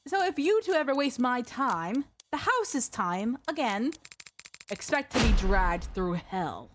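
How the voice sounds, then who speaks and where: A woman puts on a stern, pompous young mafia heir from a video game, lecturing his men with a lively, rising and falling delivery. He sits a little high for a boy, and faint hiss lies under the voice. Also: a little slow. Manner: commanding, lecturing. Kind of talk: game dialogue read aloud.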